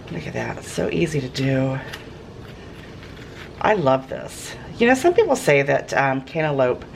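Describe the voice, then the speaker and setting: This woman has a rumbling, gravelly low voice and chats casually to the camera from her home kitchen. A folksy home cooking vlogger gushing over fresh food, she's recorded against noisy clattering pots and dishes.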